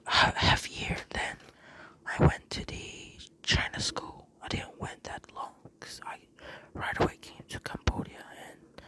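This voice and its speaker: Slow close-mic whispering young man. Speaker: podcast host. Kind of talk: whispered ASMR monologue. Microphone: earphone mic held very close.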